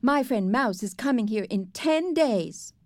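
A woman's voice: on the high side, expressive, measured pace, dry recording, clean studio sound, voice pushed up. A woman voicing a bossy, dramatic young girl who gushes and scolds. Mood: gushing. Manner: gushing and bossy.

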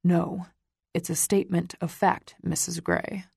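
A woman reading the part of a possessive, teasing young man, speaking in a soft, low murmur. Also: flat delivery, unhurried, gravelly, slightly rough, dry recording, clean studio sound, heavily acted.

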